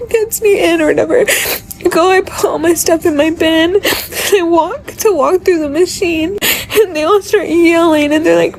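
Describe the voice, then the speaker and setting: A woman's voice: extremely high pitch, moderate pace. A woman telling an upsetting story in a tearful, upset way, swearing as she goes. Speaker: vlogger. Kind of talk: casual storytelling to camera.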